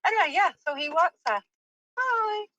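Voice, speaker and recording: Chatty, flustered mum. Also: female voice, on the high side, lively intonation, normal speed, sharp tone, dry recording, muffled recording. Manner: chatty, flustered storytelling with many fillers. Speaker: host's mother, in a voice message. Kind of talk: rambling voice message.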